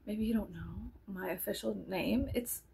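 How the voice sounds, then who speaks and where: A woman's voice: medium pitch, normal speed, gravelly, dark tone, slight background noise. A woman from South Texas vlogging in a casual rambling monologue, chatty and joking, with frequent swearing and sudden drops to a whisper.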